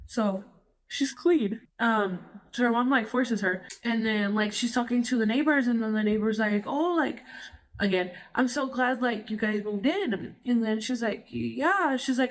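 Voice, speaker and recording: A woman host telling ghost stories in a rambling casual chat, switching between English and Spanish and saying "like" a lot. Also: fairly high pitch. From Colorado, United States. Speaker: podcast host.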